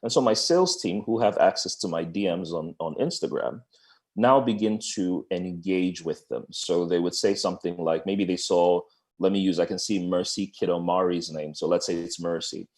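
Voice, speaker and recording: A man speaking as a business coach in a webinar over a video call, with a lively, conversational delivery and playful asides. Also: low voice, moderate pace. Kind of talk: webinar presentation.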